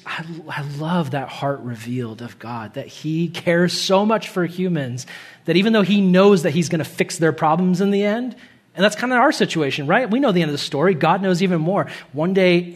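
Laughing, conversational man preaching. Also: sits high. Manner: conversational, laughs often, drops soft and quiet at tender moments. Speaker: pastor. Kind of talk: casual sermon.

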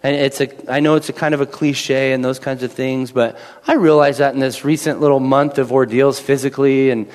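Conversational pastor preaching in a reverberant hall. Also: male voice, mid-range voice, little pitch movement, a little fast, hardly any pauses, a little mellow. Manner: conversational, repeats phrases, acts out quoted voices. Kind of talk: sermon.

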